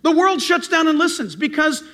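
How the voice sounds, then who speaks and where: A middle-aged man preaching from the pulpit with a strikingly high voice that swoops up and down. His tone is bright and ringing, and he tells his stories with animated energy, acting out greetings loudly. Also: normal speed. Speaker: pastor. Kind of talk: sermon.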